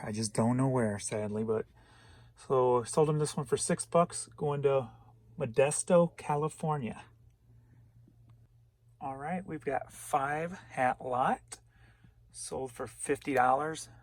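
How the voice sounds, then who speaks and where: A man's voice: mid-range voice, slow, no echo. A man giving a laid-back rundown of items he sold online, listing each one and where it is going, chuckling now and then. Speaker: online reseller. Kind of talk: casual sales rundown.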